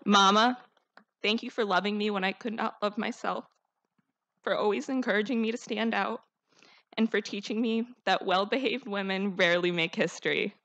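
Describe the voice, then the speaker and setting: A woman's voice: mid-range voice, steady tone, normal speed, a bit bright, dull audio. Earnest teenage girl giving a graduation speech. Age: teens. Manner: earnest, heartfelt, rousing. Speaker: student speaker, salutatorian.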